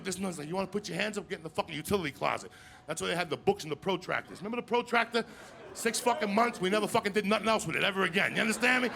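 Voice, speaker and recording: A man tells crude stand-up stories on a live stage. His voice is gravelly and fairly high for a man. The crowd can be heard clearly behind the stage mic. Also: background noise. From New Jersey. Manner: crude, loud, rapid storytelling, repeating "you understand me?". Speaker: stand-up comedian. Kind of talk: stand-up comedy set. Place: live comedy stage with audience.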